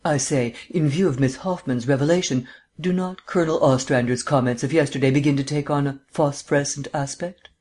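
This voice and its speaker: A man's voice: fairly high pitch, fairly even intonation, a little fast, darkish tone, lightly acted. Audiobook: male narrator as a languid, learned sleuth who lectures at length, mannered drawl. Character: languid erudite male amateur detective. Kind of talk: audiobook character reading.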